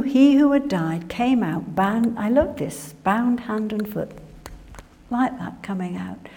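A woman's voice: medium pitch, dark tone. A woman preaching a sermon in an earnest manner, now and then dropping her voice to a whisper for emphasis. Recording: reverberant hall.

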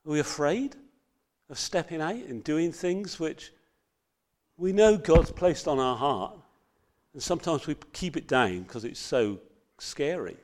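A man preaching a sermon, earnest and reading scripture with loud emphasis. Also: fairly high pitch, lively intonation, measured pace.

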